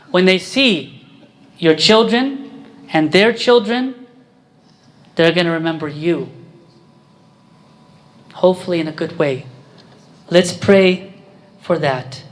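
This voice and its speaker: A man preaching a sermon as a priest, quizzing his congregation and pressing his points with emphasis. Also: sits high.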